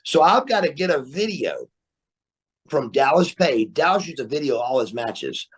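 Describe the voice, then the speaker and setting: A man guesting on a podcast, telling stories in an animated way, repeating words and laughing as he goes. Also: medium pitch, normal speed, husky. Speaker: guest, former wrestler. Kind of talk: storytelling interview. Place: remote interview, podcast.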